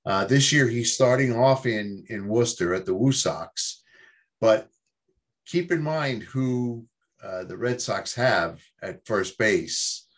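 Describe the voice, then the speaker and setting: A man from New York chats about baseball in a husky, slightly low voice. He rambles, stopping often to fill gaps and restart his sentences. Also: expressive, slow. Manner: rambling, with many fillers and restarts. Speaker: podcast guest. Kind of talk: casual sports chat.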